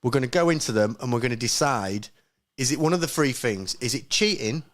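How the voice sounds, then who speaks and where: Man, podcast co-host, reads aloud and stumbles, mid-pitched voice. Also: animated, brisk, a bit bright. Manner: stumbling reading aloud, laughing at himself. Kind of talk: casual podcast chat, reading a statement aloud.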